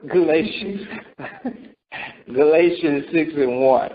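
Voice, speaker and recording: Brief: male preacher, high register, teaching scripture conversationally with rhetorical questions, muffled recording. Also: takes it slowly. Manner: rhetorical questions, acts out voices. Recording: dull lo-fi recording.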